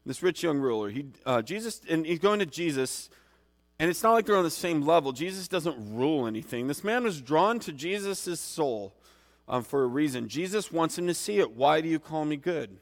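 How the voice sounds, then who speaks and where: A man's voice: a little high, lively intonation, normal speed, in a large hall. A man preaching an informal sermon in a conversational, rambling way, with many restarts and fillers.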